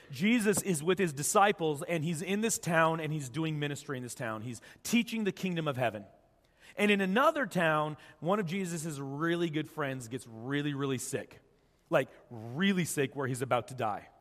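A man's voice: fairly high pitch, expressive, moderate pace, a bit bright, long reverb tail. A man preaching a sermon as pastor, telling the story casually and acting out the quoted voices of the people in it.

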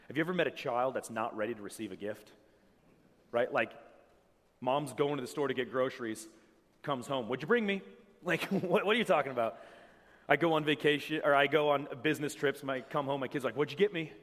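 A man delivers a sermon in a conversational, animated way, slipping into acted-out quotes. His voice sits at an ordinary middle pitch. Long reverb from the church hall trails behind him. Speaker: pastor.

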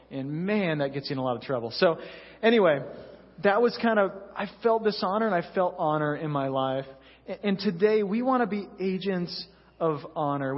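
A young man, a senior pastor, preaching a sermon in a church in a conversational storytelling way, often adding "you know". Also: on the high side. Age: young adult. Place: church sanctuary. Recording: distant echoey hall, dull lo-fi sound.

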